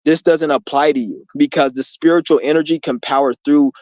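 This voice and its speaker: A man's voice: fairly high pitch, steady tone, brisk, a little mellow, dry recording, highs cut off. A young man hosting a livestream Q&A outdoors in the rain, rambling in loose, profane street talk full of restarts. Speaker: streamer hosting a Q&A.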